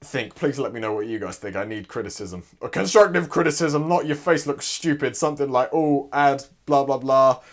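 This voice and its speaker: A man's voice: mid-range voice, a little fast, hardly any pauses. Rambling young man recapping a story. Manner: rambling, sweary, excitable asides. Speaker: YouTuber.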